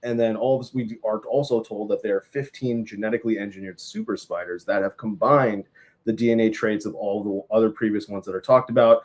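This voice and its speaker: A young man co-hosting a casual film review, measured, steering the talk back to the plot. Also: on the low side, fairly even intonation. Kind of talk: casual podcast chat.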